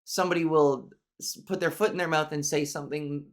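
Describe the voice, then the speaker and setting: A woman hosting a solo podcast, talking frankly with a nasal voice and plenty of swearing, consciously lifting her voice higher and forward as she talks. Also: steady tone, a little fast. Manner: frank, profane, venting with restarts. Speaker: podcast host. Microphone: camera mic angled up from below.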